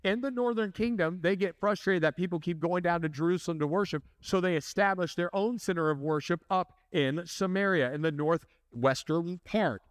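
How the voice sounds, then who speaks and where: A pastor preaches in a relaxed, conversational way, with light jokes and questions to his listeners. His voice sits fairly high. The sound is close and dry, with no room around it. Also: normal speed, few pauses, no echo. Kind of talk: sermon.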